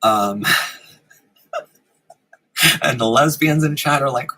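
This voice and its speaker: A man's voice: mid-range voice, slow pace, sharp tone, poor audio. A man hosting a live stream in casual chat, giggling often and rambling with frequent ums, in a room with a fan running. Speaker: host of a live-streamed show.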